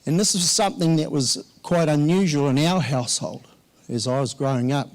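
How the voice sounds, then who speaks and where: A man giving a eulogy at a memorial service, halting with many fillers and restarts. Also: a little high. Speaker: eulogy speaker. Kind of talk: memorial speech.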